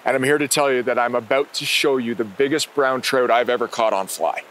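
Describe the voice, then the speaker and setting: A man's voice: mid-range voice, fairly quick, slight background noise, poor audio. A middle-aged man hosting an outdoor fishing show, talking with enthusiasm on a river. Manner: enthusiastic, excitable.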